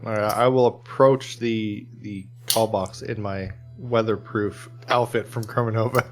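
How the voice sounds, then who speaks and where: A man playing a tabletop role-playing game, joking and talking in character with animated energy. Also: fairly low pitch, measured pace, soft background music. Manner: jokey, animated, speaks in character. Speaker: player. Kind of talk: casual tabletop play.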